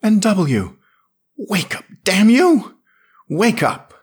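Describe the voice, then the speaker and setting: A man voicing an excitable young male space adventurer in a raised, urgent voice. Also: high-pitched, unhurried, husky, voice pushed up, heavily acted. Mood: excited.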